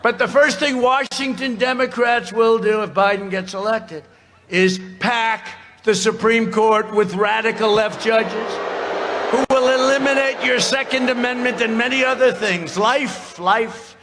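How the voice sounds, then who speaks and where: An extremely high-pitched man with fairly even intonation delivers a measured, boastful rally speech, mocking and rambling from the podium. Loud cheering from a big outdoor crowd fills the recording.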